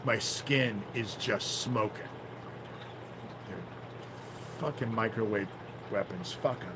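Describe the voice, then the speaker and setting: A man talking on a phone livestream in a rambling, profane way that flares into angry shouting. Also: on the low side, takes it slowly, pauses often, a little hiss or hum, rough recording. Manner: rambling, swears often, flares into shouting anger. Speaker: livestream host. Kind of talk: casual livestream talk.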